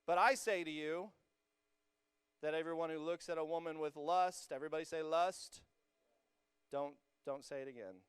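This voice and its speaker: A young man preaching to a student congregation, energetic and joking with the crowd, rising to emphatic peaks as he reads scripture. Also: fairly high pitch, normal speed, pauses often, clean tone, no room sound, studio quality. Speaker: youth pastor. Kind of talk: sermon. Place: church hall with a student congregation.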